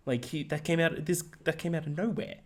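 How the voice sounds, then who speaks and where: A man co-hosting a podcast, giving a casual, rambling film review with many fillers and restarts in a monotone voice. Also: fairly high pitch, brisk. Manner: calls his voice monotone. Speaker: podcast co-host.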